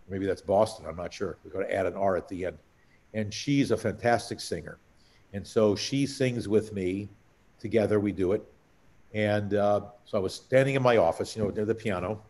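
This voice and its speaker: An older man, a cantor, telling stories in conversation, halting and restarting as he reminisces. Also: fairly low pitch, a little mellow. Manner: anecdotal, halting storyteller with many restarts.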